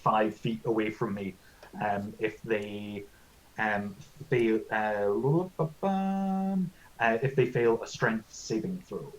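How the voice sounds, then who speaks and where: Slow, hesitant man on a dull mic. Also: lowish voice. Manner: hesitant, many fillers. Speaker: player. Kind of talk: tabletop role-play as a player.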